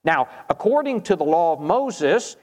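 A man's voice: a little high, very animated, measured pace, a little mellow. Earnest male preacher in a reverberant hall. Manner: earnest, emphatic preaching with scripture readings. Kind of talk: sermon.

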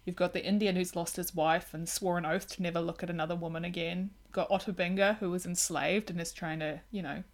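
Animated woman discussing a film. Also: on the low side, quick pace, few pauses. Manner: animated, retells scenes with lively emphasis. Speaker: podcast co-host.

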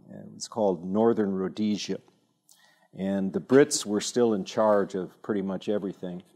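A man giving an informal talk at a church evening, telling stories with self-deprecating humor and frequent halting restarts. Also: lowish voice, fairly even intonation, vocal fry, warm tone. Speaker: speaker at a church teaching evening.

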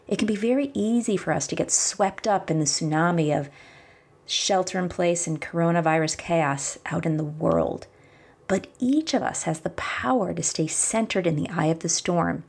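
Podcast host, female, low, gravelly, gentle storyteller over background music. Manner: gentle, encouraging, occasionally whispered. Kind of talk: reflective monologue with storytelling.

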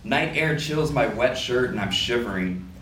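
A man reads a story aloud at a literary event, giving it lively first-person energy. The sound is roomy and a little distant, with faint room ambience behind him. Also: medium pitch, normal speed, a little hiss or hum. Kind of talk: reading prose fiction aloud. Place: live reading event indoors.

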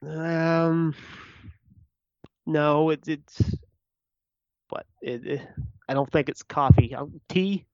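A man's voice: a little high, fairly even intonation, takes it slowly, long pauses, a little mellow, dry recording, muffled recording. A man answering trivia questions, hesitant and thinking aloud. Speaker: quiz contestant. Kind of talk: casual quiz answers.

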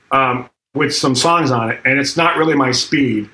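Animated man telling a story, echoey room. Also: mid-range voice, moderate pace. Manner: animated storyteller acting out quotes, swears freely. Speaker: guest drummer. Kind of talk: casual storytelling interview. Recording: echoey room with faint noise.

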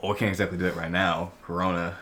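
A man's voice: low voice, flat delivery, fast talker, reverberant. A man on a podcast in a hotel room, dropping dry, crude one-liners. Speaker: podcast co-host. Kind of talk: crude joking banter. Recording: loud background noise.

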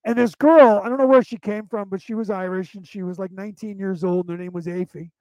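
A man with a notably high voice, hosting his own show and spinning loose, rambling anecdotes. He talks in a chatty, casual way, restarting sentences as thoughts come to him. The sound is dry and close, with no room around it. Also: fairly even intonation, fairly quick, mellow, dry recording, rough recording. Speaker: show host.

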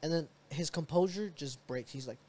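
A young man co-hosting a podcast, slightly higher-pitched than most men. He tells stories in a loose, animated chat style and swears freely. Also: moderate pace. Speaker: podcast co-host. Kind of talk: casual chat.

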